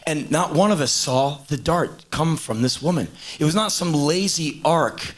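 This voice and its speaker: A man's voice: a little high, normal speed. A man in his thirties doing a blunt, punchy stand-up monologue on stage, swinging into acted voices, on a hissy live tape. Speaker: stand-up performer. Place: stage in a large venue.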